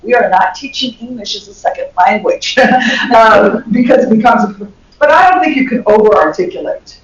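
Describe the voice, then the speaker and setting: An older woman from the American South with a Southern accent, giving an animated lecture to health workers and laughing often. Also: on the high side, moderate pace. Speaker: communication professor giving a lecture. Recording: echoey dull recording from far off.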